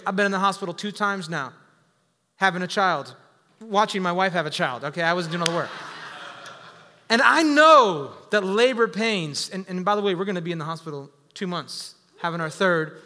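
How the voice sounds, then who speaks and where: A man in his thirties, a pastor preaching a sermon, energetic and jokey, calling for responses from the congregation. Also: sits high, in a large hall, slight background noise. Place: church sanctuary.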